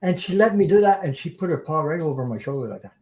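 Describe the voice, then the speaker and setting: A man's voice: a little high, lively intonation, fast talker, a little mellow, poor audio. A man hosting a casual live-stream group chat on a video call. He tells stories with feeling and often repeats himself. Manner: emotional, repeats himself while telling a story.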